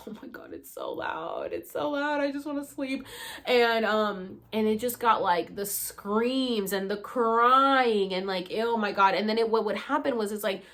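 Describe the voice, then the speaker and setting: In a medium-pitched voice, a young woman vlogs a personal story casually and with lots of energy. She swears without holding back and acts out what other people said.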